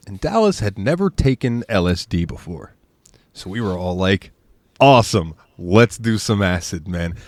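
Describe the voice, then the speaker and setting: Young male podcast co-host, lively storyteller who laughs a lot, dry voice. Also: fairly low pitch, no echo. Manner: laughing, animated storyteller who mimics friends. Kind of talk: casual chat, storytelling.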